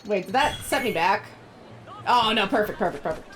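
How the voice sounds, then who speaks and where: A woman's voice: mid-range voice, lively intonation, moderate pace, a bit bright, soft background music. A woman streamer chatting playfully while she plays a game and reads its text aloud. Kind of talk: casual gameplay commentary.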